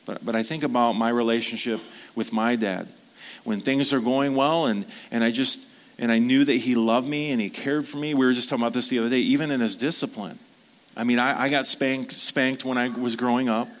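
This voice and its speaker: A man preaching a sermon at a church service, speaking earnestly in a conversational storytelling manner. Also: medium pitch. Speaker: pastor.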